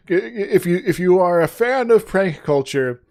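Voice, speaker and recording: A man's voice: high voice, darkish tone. A man co-hosting a podcast, jokey and rambling, laughing often in casual chat. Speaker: podcast co-host.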